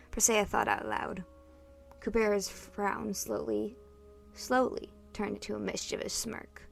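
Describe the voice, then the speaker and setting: A woman's voice: mid-range voice, level tone, measured pace, creaky, soft background music. A woman acting as dungeon master, narrating a tabletop game story and chatting informally to listeners. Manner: chatty and informal in outro, with fillers.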